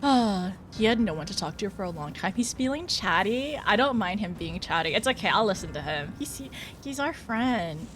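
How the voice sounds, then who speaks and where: A woman's voice: mid-range voice, expressive, normal speed, few pauses, fairly bright tone, a little hiss or hum. A young woman streaming a game, chatting casually with her viewers, flustered and often laughing. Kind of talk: casual live-stream chat while gaming.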